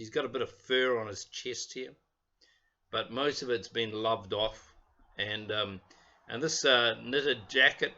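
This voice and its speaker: Older man, minister, chatty children's talk, bright lively voice, slightly lo-fi. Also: mid-range voice. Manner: warm, chatty, halting with fillers. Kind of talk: children's talk with storybook reading. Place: home porch.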